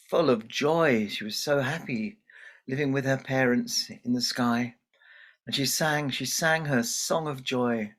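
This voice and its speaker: A man telling a folktale at a storytelling festival, gentle and unhurried with self-deprecating asides. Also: medium pitch. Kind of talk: oral storytelling performance.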